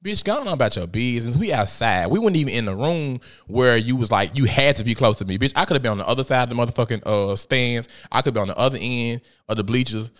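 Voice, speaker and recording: Man, young adult, casual podcast host, animated pitch swings, mid-range voice. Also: fast talker, hardly any pauses. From Memphis, Tennessee. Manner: animated, profane storytelling with sudden high-pitched outbursts. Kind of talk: casual profane chat.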